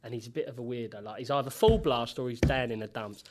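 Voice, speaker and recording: A man, a former footballer, talking casually and loudly, swearing a lot and laughing through his own stories. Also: medium pitch, quick pace, background noise. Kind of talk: casual banter.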